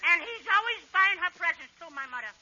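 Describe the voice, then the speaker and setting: A man voicing a bratty, wisecracking little boy in a high childlike voice, 1940s radio comedy acting. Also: animated, sharp tone, full character voice. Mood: cheeky. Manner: cheeky, drawn-out wisecracks. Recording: dull 1940s radio broadcast.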